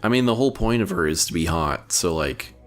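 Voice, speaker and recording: A man's voice: low-pitched, animated, brisk, soft background music. A young man co-hosting a podcast in casual chat, sardonic and crude, often stumbling over his words. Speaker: podcast co-host.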